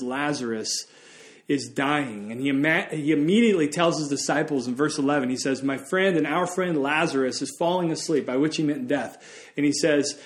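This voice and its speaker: Man, pastor, sermon, earnest, slightly high voice.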